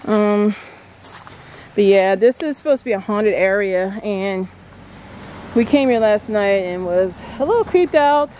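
A woman vlogging outdoors at an old stone landmark, chatting excitedly to her viewers on a handheld phone camera. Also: mid-range voice, a little hiss or hum. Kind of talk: casual vlog narration. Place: outdoors at a historic stone furnace.

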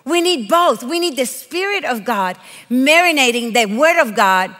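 A woman from Puerto Rico giving a lively, playful sermon full of stories and emphatic points. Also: sits high, normal speed, big-room sound. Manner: animated, playful, emphatic preaching with quoted asides. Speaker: guest preacher.

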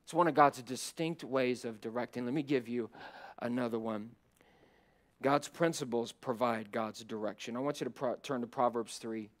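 A middle-aged man preaching a sermon as a pastor, surging from loud emphatic climbs to low quiet asides. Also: moderate pace. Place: church sanctuary.

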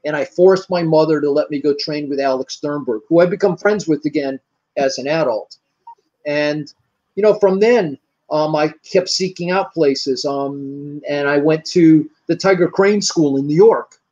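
A man's voice: a little high, normal speed, darkish tone, muffled recording. An older American man, a martial arts grandmaster, telling long rambling stories in an interview and acting out the dialogue. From United States. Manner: rambling, anecdotal, acts out quoted dialogue. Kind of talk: storytelling in an interview.

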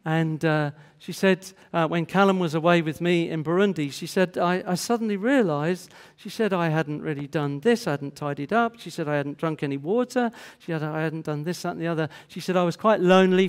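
A man's voice: a little high, brisk, few pauses, clean tone, big-room sound. An older man and grandfather preaching a sermon in a conversational way, often asking the congregation questions. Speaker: pastor. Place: church hall.

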